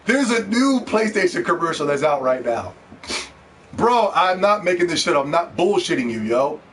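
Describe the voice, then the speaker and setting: This gaming commentator's voice sits fairly high and has a sing-song lilt, moving at normal speed. He's ranting hotly about video games in a vlog, profane and mocking throughout. A distant mic picks him up along with faint background noise.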